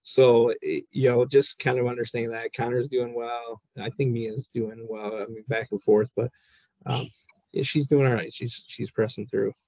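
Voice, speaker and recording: A man's voice: mid-range voice, flat delivery, moderate pace, dark tone, no room sound, lo-fi sound. A middle-aged man as a podcast guest in a casual chat, laid-back and hesitant, often repeating words. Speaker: guest, city commissioner.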